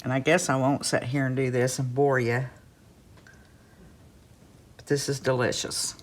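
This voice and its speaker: A woman's voice: a bass voice, little pitch movement, unhurried, slight background noise. A woman talks to her viewers from her home kitchen in a loose, chatty way. She rambles, drifts off topic and tosses in folksy asides as she shows her crafts. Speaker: crafts vlogger host. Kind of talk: casual chat to camera.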